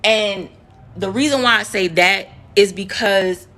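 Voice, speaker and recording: A woman's voice: mid-range voice, measured pace, a bit bright. A woman in her thirties from the United States, a nurse, telling a heated, profane story to her viewers and repeating words for emphasis. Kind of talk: emotional storytime vlog.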